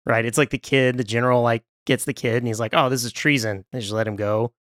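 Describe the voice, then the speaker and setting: A man's voice: mid-range voice, fairly even intonation, fast, no room sound, studio quality. A man in a casual film review chat, rambling and restarting his sentences, often breaking into laughter. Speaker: film podcast panelist.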